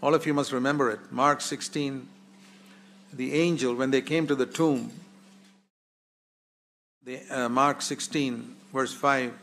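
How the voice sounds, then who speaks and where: A man's voice: medium pitch, fairly even intonation, a little slow, pauses often, a bit bright. A man preaching a sermon in an earnest, pleading way, putting direct questions to his listeners.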